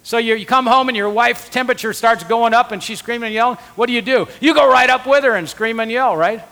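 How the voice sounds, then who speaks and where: A high, bright male voice preaching in an earnest, conversational way. He talks straight to the men in the room, and the sound rings with a long hall echo. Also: quick pace. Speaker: conference speaker. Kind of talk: sermon teaching.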